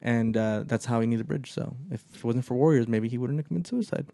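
A man's voice: medium pitch, fast talker, gravelly, no room sound. A man hosting a casual movie chat, rambling with frequent restarts and fillers, recorded in a small office. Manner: relaxed, rambling with many restarts.

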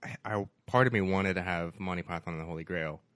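A man's voice: sits low, fast, a bit bright, no echo. A man co-hosting a podcast, chatting casually with friends about films, laughing and trailing off between thoughts. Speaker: podcast co-host. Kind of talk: casual chat among friends.

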